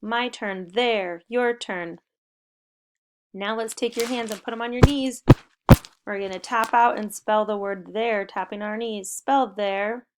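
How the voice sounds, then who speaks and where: A woman's voice: mid-range voice, fairly even intonation, measured pace. A woman teaching a spelling lesson to young children, giving upbeat and encouraging step-by-step instructions. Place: home recording.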